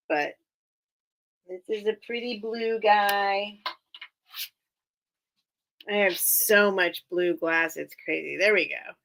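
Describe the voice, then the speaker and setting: A woman's voice: medium pitch, steady tone, takes it slowly, long pauses, fairly bright tone. A woman hosting a live online sale, chatting casually and rambling as she shows off her items, often breaking into giggles. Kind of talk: casual live-stream sales chat.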